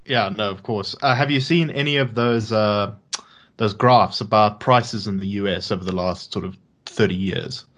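A man co-hosting a podcast, chatting casually with halting restarts and dry sarcasm. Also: fairly low pitch, a bit bright. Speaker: podcast co-host. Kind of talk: casual political chat.

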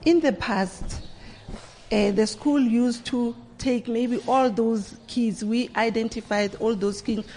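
A woman's voice: fairly high pitch, takes it slowly, dark tone. Earnest lady teacher, repeats stuff for emphasis, faint hiss and echo behind her. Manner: earnest, repeats words to stress points. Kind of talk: panel discussion answer. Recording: reverberant room with faint noise.

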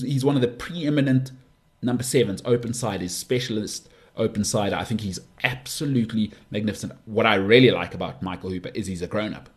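Rambling man hosting a podcast. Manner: animated, rambling, with big swings in pitch. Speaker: podcast host. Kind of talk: casual opinionated sports monologue.

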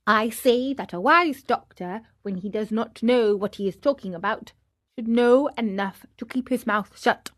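A woman's voice: fairly high pitch, measured pace, close to an everyday voice. A woman voicing a stern, wise male cricket who scolds sharply.

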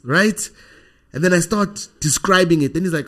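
Husky South African man telling a story. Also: on the high side, normal speed. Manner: animated, tags sentences with "right?", laughs often. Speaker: podcast guest. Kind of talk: personal storytelling in casual conversation.

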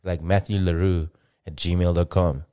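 A man's voice: deep voice, a little slow, clean tone. A man, a comedian hosting a podcast, telling stories in casual chat and acting out what people said. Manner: animated storytelling, acts out quotes. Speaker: podcast host.

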